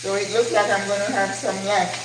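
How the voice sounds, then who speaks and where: A woman's voice: medium pitch, flat delivery, a little fast. An older woman hosting a casual cooking livestream, chatting animatedly and answering viewer comments as she cooks. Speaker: cooking channel host. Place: home kitchen. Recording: echoey kitchen with frying noise.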